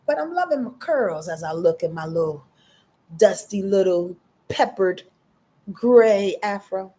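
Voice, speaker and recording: Speaking a little slowly in an expressive, medium-pitched voice, an astrology host in her fifties delivers a laid-back forecast. Her talk is full of slang and swearing, she addresses listeners as "y'all," and her volume jumps from loud outbursts down to quiet murmurs.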